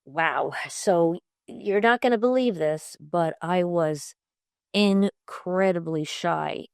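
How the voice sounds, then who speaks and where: A woman's voice: on the low side, takes it slowly, clear, resonant tone, no room sound, clean studio sound. A middle-aged woman from Long Island, a podcast guest talking in an enthusiastic, chatty way with many fillers. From Long Island, New York. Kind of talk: conversational interview.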